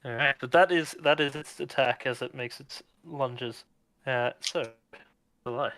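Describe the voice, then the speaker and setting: Bright-voiced man running a tabletop game. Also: medium pitch, measured pace, no echo, low-quality recording. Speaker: game master. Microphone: video call.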